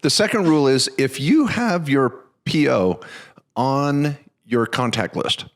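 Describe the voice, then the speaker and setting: A man's voice: medium pitch, unhurried. A man co-hosting a podcast, telling stories in a casual, joking way. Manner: animated storyteller, joking asides. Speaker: podcast co-host.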